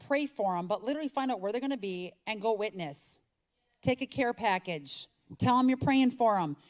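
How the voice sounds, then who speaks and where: A middle-aged woman gives a talk to an audience in a lively, chatty way. She acts out little back-and-forth exchanges as she goes, and her voice sits a little high. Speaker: speaker. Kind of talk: conference talk.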